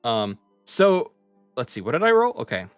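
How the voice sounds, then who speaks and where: Man, game master, streamed tabletop game, relaxed explaining, lively pitch. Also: moderate pace, clean tone, no room sound, faint music behind. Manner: relaxed, explanatory, laughs easily.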